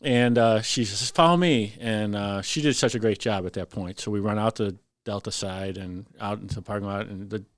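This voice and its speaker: Veteran fire lieutenant, fairly low voice, lively storyteller; dry studio sound. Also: male voice, a little fast, hardly any pauses, no room sound. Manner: animated, acts out voices in his story. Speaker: firefighter lieutenant guest. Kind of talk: casual storytelling on a podcast.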